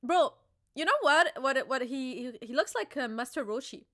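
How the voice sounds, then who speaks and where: A young woman chatting in a live reaction, excitable and giggly, tumbling over her words. Her voice sits high and sounds very bright. The sound is dry and close. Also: normal speed, dry recording. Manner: excitable, giggly, full of restarts and slang. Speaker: co-host reacting to a manga chapter. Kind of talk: casual live reaction chat.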